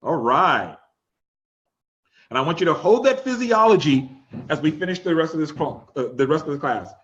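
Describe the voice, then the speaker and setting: High-voiced energetic man coaching. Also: normal speed, dull audio. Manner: energetic, coaxing, repeats instructions, laughs often. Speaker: life coach. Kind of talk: live-streamed coaching class.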